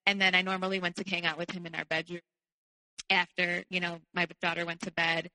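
A woman's voice: on the low side, flat delivery, fairly quick, pushed and bright, no room sound, long reverb tail, low-quality recording. A young woman telling a personal story as a podcast guest in a candid, casual way, with many fillers.

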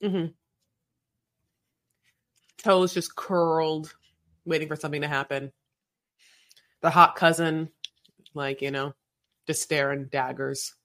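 A woman's voice: low-pitched, steady tone, slow pace, pauses often, a bit bright. A woman co-hosting a podcast, chatting casually and animatedly, rambling and slipping into playful quoted voices. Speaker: podcast co-host. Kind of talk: casual chat recapping a reality show.

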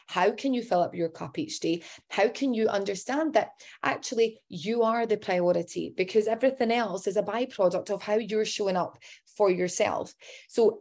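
A woman's voice: medium pitch, darkish tone. A woman hosting a podcast in casual chat, encouraging and repeating for emphasis. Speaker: podcast host.

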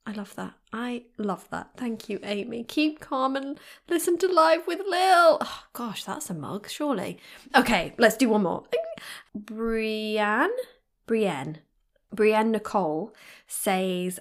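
A woman's voice: a little high, animated, a little slow. Bubbly woman hosting a podcast. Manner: effusive, bubbly, repeats thanks. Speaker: podcast host. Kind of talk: casual podcast chat, reading listener reviews.

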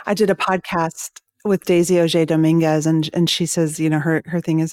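A woman hosting a conversational interview, candid and personal with quick interjections. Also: sits low, flat delivery, a little mellow. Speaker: host.

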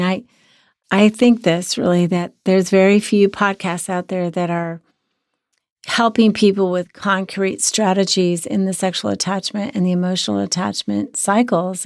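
A hoarse woman co-hosting a podcast as a sex therapist, talking in an earnest, reflective way. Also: medium pitch, no echo, studio quality. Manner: earnest, reflective, many restarts. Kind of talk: casual podcast chat.

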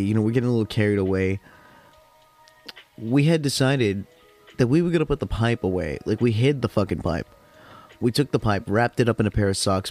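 This podcast host from the California desert has a lowish, darkish voice. Worn out after a day of work, he rambles through casual stories, swearing freely and leaning hard on "like."

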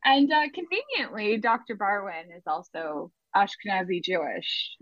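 A woman from Canada speaking as a podcast guest in casual chat, halting and full of ums. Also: medium pitch, animated, no echo, dull audio. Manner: halting, many ums and uhs, laughs often.

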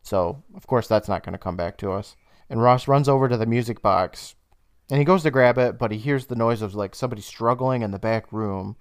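A young man co-hosting a podcast, casually retelling an episode's plot with laughs and quick bursts of high mock voices. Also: smooth, dry recording, studio quality. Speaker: podcast co-host. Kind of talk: casual recap chat.

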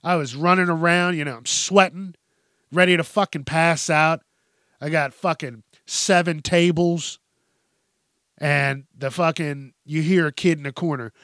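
A young man hosts a podcast and rants about his restaurant days, cursing in nearly every line. His voice sits a bit high for a man, and the recording is close and dry with no room sound. He sounds exasperated and blunt throughout. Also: a little slow, fairly bright tone, no room sound. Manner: profane, exasperated ranting. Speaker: podcast host. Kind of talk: ranting comedic monologue.

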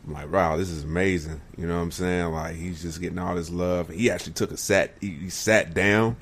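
A man co-hosting a casual podcast chat, relaxed and agreeable, often backing up his partner. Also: sits low, a little fast, breathy edge. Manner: relaxed, agreeable, with short backchannels. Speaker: podcast co-host.

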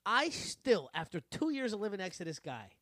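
A man with a high, lively voice co-hosts a trivia podcast in loose casual chat. He rambles, laughs often and trails off into half-finished guesses. The sound is close and dry. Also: moderate pace, no echo. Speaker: podcast co-host.

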